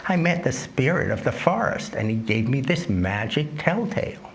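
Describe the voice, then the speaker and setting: A man's voice: mid-range voice, sing-song, moderate pace, vocal fry. A man doing a sly, cheerful woodcutter. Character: big strong cunning woodcutter, cheerful and sly.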